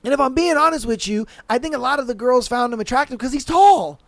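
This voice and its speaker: A podcast host recapping reality TV in a casual, profane, animated rant full of slang. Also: high voice, fast talker, no echo.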